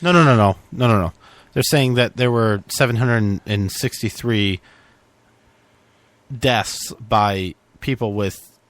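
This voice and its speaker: Male co-host, slightly low voice, dry teasing delivery. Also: takes it slowly, fairly bright tone, no room sound. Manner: wry, teasing, short interjections. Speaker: podcast co-host. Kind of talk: casual political chat.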